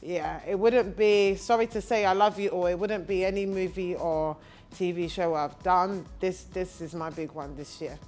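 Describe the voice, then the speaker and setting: A woman's voice: lowish voice, steady tone, moderate pace, a little mellow, faint music behind. A woman hosting a podcast, speaking casually and with feeling to the camera. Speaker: podcast host.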